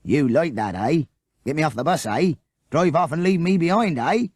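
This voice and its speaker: A man's voice: a little high, lively intonation, normal speed, no room sound, studio quality, voice pushed up. A man voicing a suspicious, sarcastic policeman who keeps jeering "eh?" at the people he has cornered. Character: suspicious sarcastic village policeman, male, middle-aged.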